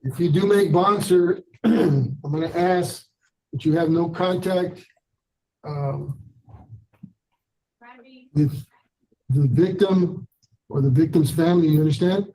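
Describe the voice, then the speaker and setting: A man's voice: a little high, takes it slowly, pauses often, warm tone, rough recording. A man presiding as judge at a courtroom hearing, giving firm, instructive warnings. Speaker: magistrate judge.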